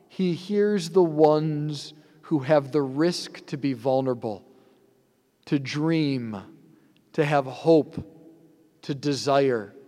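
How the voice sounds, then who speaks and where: A man's voice: a little high, warm tone. A man, a priest, giving a sermon in an earnest, conversational way with rhetorical asides. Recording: long hall reverb.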